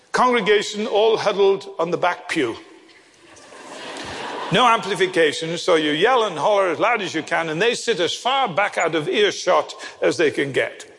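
Animated older preacher in a hall. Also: male voice, high voice, creaky. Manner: animated storyteller, acts out voices. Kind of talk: sermon.

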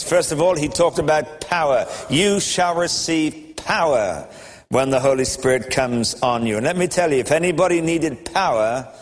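A man's voice: medium pitch, long reverb tail. A male preacher delivering a sermon in a storytelling manner, with wry chuckles.

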